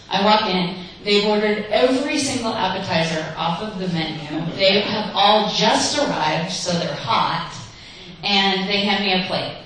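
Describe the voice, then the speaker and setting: A woman's voice: mid-range voice, a bit bright. A woman sharing her own recovery story at a meeting in a conversational way, with many fillers. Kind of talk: personal recovery testimony. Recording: very echoey room, from a distance.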